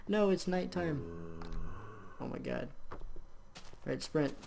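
A man giving casual let's-play commentary while gaming, excitable, often exclaiming and swearing, with frequent laughter. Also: a little high, slow pace, soft background music. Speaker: gaming video host. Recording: clear background noise.

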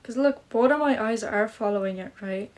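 Her voice is fairly high and her speed normal. On a phone livestream recorded via the phone camera, this young Irish-based woman of Polish parentage chats casually, reads out comments, and frets in a self-conscious way, leaning heavily on "like".

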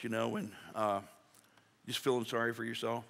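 Brisk and flat in delivery, this man's medium-pitched voice is creaky and fairly bright. He's a pastor giving a folksy, conversational sermon in an echoing church sanctuary, playing out short quotes as he goes.

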